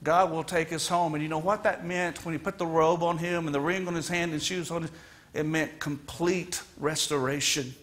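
A man preaches a sermon in a church with an earnest, emphatic delivery. His voice sits high for a man and sounds bright and forward. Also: fairly even intonation, normal speed. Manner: earnest, emphatic, dramatic storytelling. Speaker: guest minister. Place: church sanctuary.

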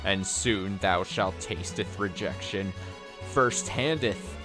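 A man's voice: low voice, slow. A man voicing a pompous male duke in theatrical, old-fashioned mock-Shakespearean speech. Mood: grandiose. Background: game music.

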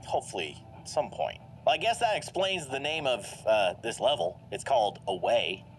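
A man giving lively, jokey commentary while playing a video game, reacting aloud and laughing often. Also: medium pitch, normal speed, slight background noise. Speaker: gameplay commentator. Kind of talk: let's play commentary. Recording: game music playing behind. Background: game music.

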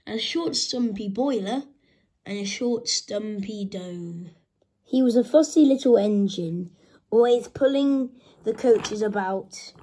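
Lady reading a kids story, husky dark voice, slow and gentle. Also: medium pitch. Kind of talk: reading a children's story aloud.

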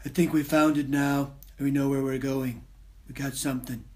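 Man doing a comic impression: deep, husky, self-praising politician who says everything twice. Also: flat delivery, moderate pace, natural voice. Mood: blustering. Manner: boastful, repeats himself over and over. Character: boastful older male politician impression, blustering and self-praising.

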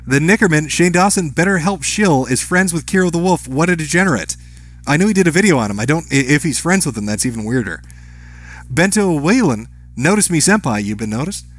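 A man's voice: on the high side, lively intonation, a little fast. A man reading out viewer messages on a live stream, answering each with brief offhand remarks. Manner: reads chat names and messages aloud, brief offhand replies.

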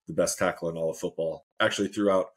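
A man's voice: low voice, steady tone, fast, husky. A man co-hosting a casual sports chat, laid-back, laughing often and saying "man" a lot. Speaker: co-host.

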